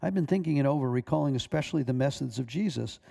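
Gravelly, mellow-voiced man reading aloud. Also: medium pitch. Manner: measured reading with small stumbles. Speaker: minister.

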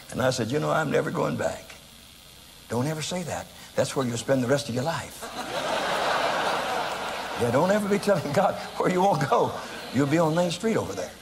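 A man from the United States preaching, telling a story from the pulpit and swinging from quiet asides to loud acted shouts. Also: mid-range voice, slight background noise, low-quality recording. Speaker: evangelist preacher. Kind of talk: sermon storytelling.

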